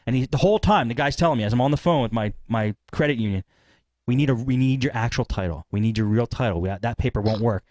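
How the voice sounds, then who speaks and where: Male podcast host, animated anecdote teller, fast delivery, dry mic. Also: medium pitch, no echo. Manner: rambling, animated retelling with acted-out quotes. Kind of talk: casual storytelling.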